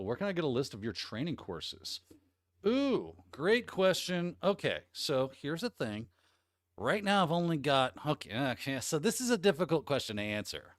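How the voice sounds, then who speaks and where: A man's voice: mid-range voice, dry recording, studio quality. Upbeat man hosting a live chat. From Midwest US. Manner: upbeat, rambling, greeting viewers by name. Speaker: host. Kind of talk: casual livestream chat.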